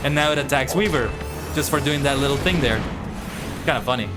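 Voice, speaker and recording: A man's voice: medium pitch, brisk. A young man chatting casually with his viewers while playing and commenting on an online game. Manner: chatty, talks to chat. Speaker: streamer. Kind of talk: livestream gameplay commentary. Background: game music.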